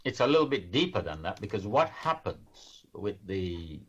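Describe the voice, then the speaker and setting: A man's voice: low-pitched, very animated, moderate pace, fairly bright tone. Earnest man explaining, dull lo-fi sound. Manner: earnest, explaining, with frequent restarts. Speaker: guest in financial services. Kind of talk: casual interview chat.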